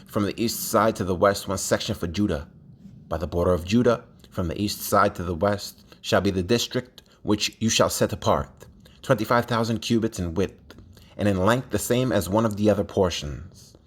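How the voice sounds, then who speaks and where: A man with a somewhat low voice reads a long scripture passage aloud. He keeps a steady, even reading pace and now and then stumbles and restarts a word. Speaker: scripture reader.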